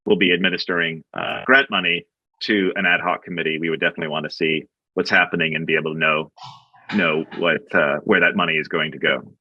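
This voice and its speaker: A man on a town selectboard asking earnest, halting questions in a meeting over a video call. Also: low voice, steady tone, no echo. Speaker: selectboard member. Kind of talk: public meeting discussion. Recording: dull, muffled video call audio.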